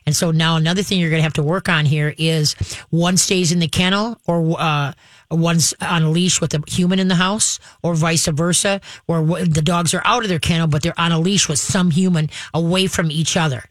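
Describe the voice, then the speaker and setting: A woman hosting a call-in radio show, giving step-by-step dog-training advice in a brisk, instructive way and checking in with "okay?" often. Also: lowish voice, steady tone, no echo.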